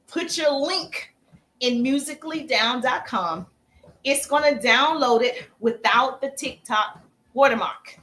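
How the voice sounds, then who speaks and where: A woman coaching viewers on a live stream, chatty and energetic, breaking off to thank viewers as she teaches. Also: high voice, unhurried. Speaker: social media coach.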